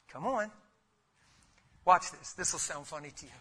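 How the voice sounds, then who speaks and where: A middle-aged man preaching a sermon, swinging from hushed asides up to emphatic, shouted peaks. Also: fairly high pitch, brisk.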